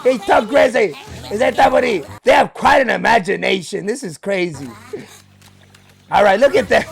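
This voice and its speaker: Excitable man, high gravelly voice. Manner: excitable, exclaiming and narrating what he sees. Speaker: reaction video host. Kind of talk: live reaction commentary.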